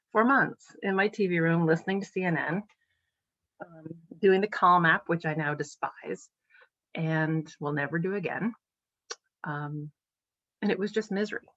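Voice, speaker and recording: A woman in her forties with a Boston-area accent tells her story in an earnest, emotional way, with frequent ums. Her voice sits a little low. The sound is dry and slightly dull, like a remote call mic. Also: a bit bright, no echo. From New England. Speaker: podcast guest. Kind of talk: personal recovery story.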